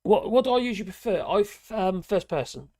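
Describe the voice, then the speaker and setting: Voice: mid-range voice, animated, brisk, darkish tone, no room sound, studio quality. A live-stream host from Norwich, chatting casually and reacting aloud to viewer comments in a rambling way. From Norwich, England.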